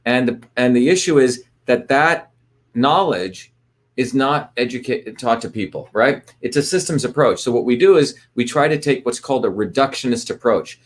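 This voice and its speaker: A man's voice: mid-range voice, animated, moderate pace. A man hosting a live online talk, greeting viewers by place and explaining ideas in a loose, rambling way with many fillers and restarts. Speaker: livestream host. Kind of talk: casual livestream talk.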